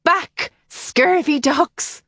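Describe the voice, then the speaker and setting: A playful nineteen-year-old girl growls out a mock pirate brogue, high and slow, enjoying every threat, as a woman narrator puts her on. The voice is close and dry, with no room around it. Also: fairly bright tone, dry recording, heavily acted. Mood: swaggering.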